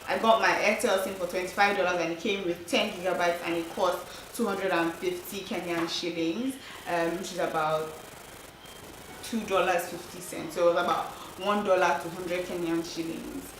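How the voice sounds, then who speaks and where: A woman's voice: lowish voice, fairly even intonation, moderate pace, slight background noise. Chatty young woman vlogger, roomy distant sound. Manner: chatty, lots of "like" and "um" fillers. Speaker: travel vlogger. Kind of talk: casual chat to camera. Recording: roomy, distant mic with faint ambience.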